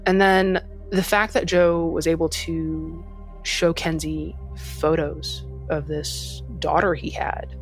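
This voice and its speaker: A woman's voice: sits low, little pitch movement, takes it slowly, faint music behind. Frank, reflective woman. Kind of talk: reflective testimony.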